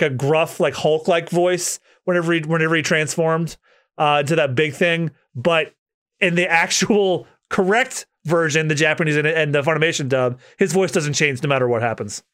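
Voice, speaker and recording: A man's voice: a little high, a bit bright. A man co-hosting a podcast, chatting casually about manga he reads aloud, with lots of filler words. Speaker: podcast co-host.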